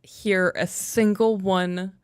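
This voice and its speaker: A woman's voice: medium pitch, fairly even intonation, slow, clean tone, dry recording, studio quality. A woman co-hosting a podcast, chatting casually and reading listener emails aloud in a playful, talkative way. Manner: chatty, playful, laughs easily. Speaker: podcast co-host.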